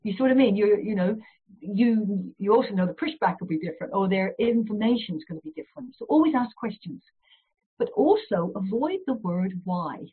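A woman psychologist giving an interview, explaining ideas and acting out short dialogues in an animated way. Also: mid-range voice, fairly quick, husky. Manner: animated, acts out little dialogues. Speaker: psychologist guest. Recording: phone-like remote call audio.

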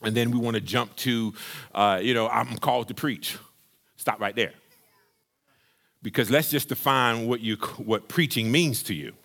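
A male pastor preaching a sermon, lively and conversational, acting out scripture scenes with playful asides. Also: mid-range voice, moderate pace.

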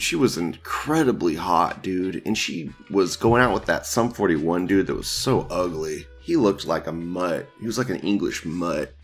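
A young man hosting a show, reading forum posts aloud and mocking them in crude, casual talk, often breaking into laughter. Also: low-pitched. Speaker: host reading image-board posts. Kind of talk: casual profane commentary.

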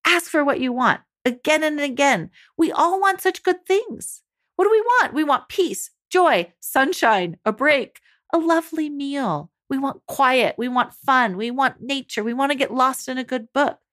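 A woman coaching mothers in a motivational talk, her voice sitting a little high. She speaks right to her listeners and calls them mamas. Upbeat and encouraging. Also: lively intonation, measured pace, fairly bright tone. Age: adult mother.

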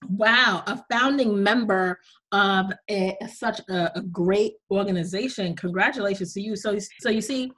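A woman's voice: medium pitch, measured pace, fairly bright tone, low-quality recording. A woman hosting an interview podcast, enthusiastic and effusive, with a slight cough. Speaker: podcast host.

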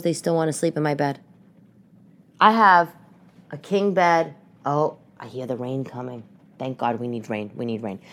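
A woman with a New York accent hosting a casual podcast chat from her living room, telling stories in an animated, expressive way. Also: sits low. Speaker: podcast host.

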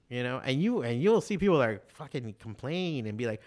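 A man's voice: mid-range voice, very animated, a little fast. Rambling, profane man in his forties. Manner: profane, rambling storytelling with many fillers. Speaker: stand-up comedian and podcast guest. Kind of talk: casual chat.

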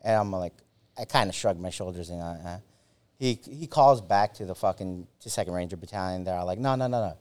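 Man, 40s, lowish voice, podcast guest, casual storytelling, profane, halting, lots of fillers. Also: a little mellow. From United States. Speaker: former Army Ranger.

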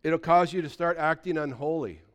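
A man's voice: on the high side, moderate pace, fairly bright tone. A pastor in his sixties preaching a sermon in a conversational storytelling way, often checking in with his listeners.

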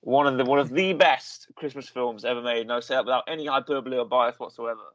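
An enthusiastic male co-host in a casual film-review chat. He rambles eagerly through his points, and his voice sits in a mid pitch. The sound is dry and close. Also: fast, a bit bright, no echo, muffled recording. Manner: enthusiastic, rambling, with fillers and restarts. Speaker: podcast co-host.

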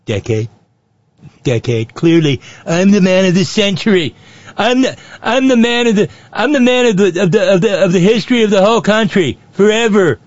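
A man's voice: sits high, normal speed, no room sound, pitched above the performer's own voice. A man doing a bragging pompous politician. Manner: bragging, rambling. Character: boastful, self-pitying male politician. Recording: dry, dull lo-fi sound.

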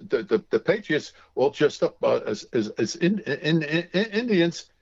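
A stammering young boy who trips over every word and blurts curses in the middle of his stutter, as a man puts him on. His voice jumps up high and lively. The recording is dull and lo-fi. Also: moderate pace, creaky, husky, dry recording, exaggerated voice. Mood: excited. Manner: stammering, swearing mid-stutter. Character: stuttering cursing schoolboy friend.

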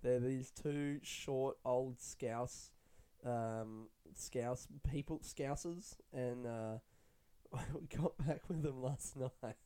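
A young adult man, a stand-up comedian, rambling in a casual, excitable monologue full of swearing. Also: mid-range voice, extremely slow, clear, resonant tone. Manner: profane, chatty, excitable.

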